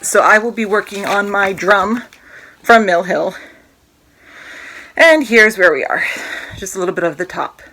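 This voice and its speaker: Woman, 30s, home vlogger; bright, chatty, rambling, jokey delivery. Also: medium pitch, animated, unhurried, long pauses. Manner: rambling, self-interrupting, jokey. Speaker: cross-stitch vlogger. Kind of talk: casual chatty show-and-tell.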